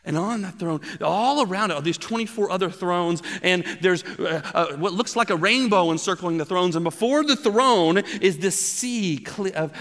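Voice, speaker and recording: A man in his thirties preaching a sermon, telling stories with playful asides and growing animated. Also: a little high, long reverb tail. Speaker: pastor.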